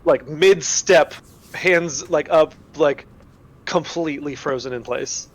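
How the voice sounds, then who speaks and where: A man's voice: on the high side, takes it slowly. A man playing a tabletop game, talking casually and rambling with many fillers and restarts. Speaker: player.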